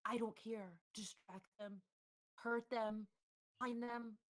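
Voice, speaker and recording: A man's voice: sits high, fairly even intonation, slow, a bit bright. Woman voicing a nervous man freed from owl form. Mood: earnest.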